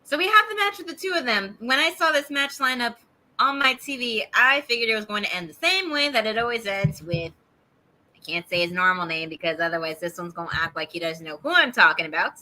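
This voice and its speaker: A woman co-hosting a wrestling review show, recapping matches in an animated, opinionated way. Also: a little high, brisk. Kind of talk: casual recap and banter.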